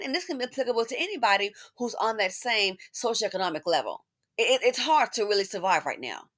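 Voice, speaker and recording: A woman hosting a commentary channel, talking casually with sarcastic asides that swing between loud exclamations and muttered remarks. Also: fairly high pitch.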